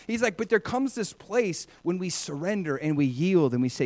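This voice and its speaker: A middle-aged man delivers a sermon in a slightly raised voice. He tells the story conversationally, then bursts into louder, higher voices whenever he quotes God or the people. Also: big pitch swings, normal speed, hardly any pauses. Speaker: pastor.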